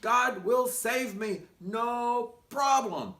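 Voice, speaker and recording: A man's voice: very high voice, drawn-out words, bright, forceful tone, voice pushed up, full character voice. A man voicing a stubborn man stranded on a flooded rooftop, insistent and refusing all help. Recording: echoey room, mic far off.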